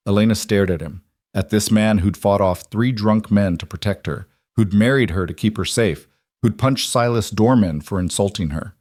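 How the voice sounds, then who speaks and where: A man narrating a scripted story in a steady, measured way. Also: fairly low pitch, no room sound, clean studio sound.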